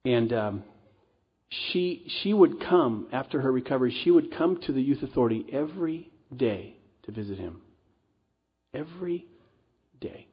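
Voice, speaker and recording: A middle-aged male pastor delivering a sermon in a church, with a husky, slightly breathy voice. He preaches earnestly but conversationally, slipping into casual asides. The recording sounds dull and lo-fi. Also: medium pitch, expressive, normal speed.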